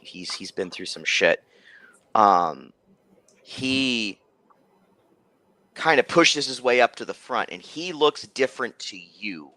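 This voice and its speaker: Bright-voiced man running a tabletop game. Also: lowish voice, no room sound. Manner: rambling, halting restarts. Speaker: game master.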